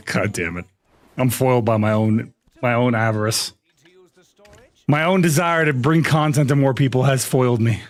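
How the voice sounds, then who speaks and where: A man's voice: medium pitch, a little slow, long pauses. A man live-streaming to his chat in a casual, exasperated way, swearing and laughing a lot. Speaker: VTuber streamer.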